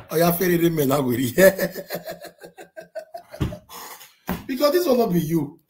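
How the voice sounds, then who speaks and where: A man with a Nigerian accent giving casual commentary, animated, laughing often and switching languages. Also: fairly high pitch, unhurried, pauses often, background noise.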